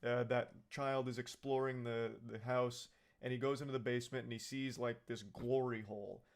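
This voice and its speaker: A man's voice: medium pitch, little pitch movement, moderate pace. Profane, sarcastic man recapping a movie. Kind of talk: casual comedic movie recap.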